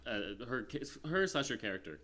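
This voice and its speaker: A man's voice: mid-range voice, very animated, normal speed, bright, forceful tone. A man co-hosting a film podcast in casual chat, rambling with lots of fillers and restarts. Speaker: podcast co-host.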